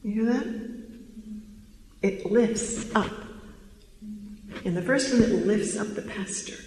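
A man's voice: high-pitched, slow. A man teaching a live audience in a large room, earnest and questioning, drawing the listeners in, recorded in an echoey hall. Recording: echoey hall, faint noise.

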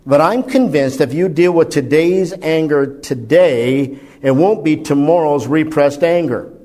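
A man preaching a conversational sermon, asking his listeners questions and swinging his pitch and volume widely for emphasis. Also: a little slow, warm tone. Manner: conversational, asks the audience questions.

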